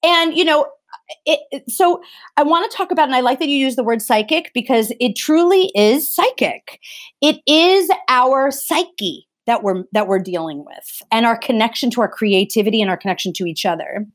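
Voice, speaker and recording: A woman's voice: fairly high pitch, expressive, normal speed. A middle-aged woman talking earnestly in a conversation, emphatic and often restarting her phrases. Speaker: theatre vocal coach.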